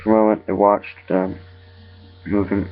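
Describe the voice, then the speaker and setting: A man retelling a horror story from memory in a halting way, often stopping to correct himself. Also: fairly low pitch, flat delivery. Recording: lo-fi dull recording.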